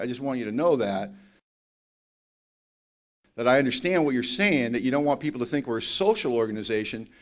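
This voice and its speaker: A man giving a personal testimony to a recovery meeting, with a voice of middling pitch. He talks bluntly and mocks himself, and he tells his story with energy, slipping into the voices of the people he quotes. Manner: blunt, confessional and self-mocking.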